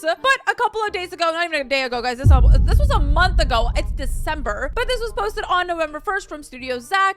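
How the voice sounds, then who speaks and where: A young woman giving casual, excitable commentary while she plays a game, with lots of "oh my gosh" and "like". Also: sits high. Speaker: gaming YouTuber.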